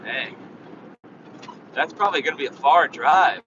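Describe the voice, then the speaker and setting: A man talks on and on in a flat, level tone, full of fillers, as he drives. He sounds distant and muffled. Loud road noise runs underneath. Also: on the high side, normal speed. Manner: rambling, filler-heavy, flat tone. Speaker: vlogger driving a van. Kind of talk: casual chat while driving. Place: inside a moving vehicle on a highway.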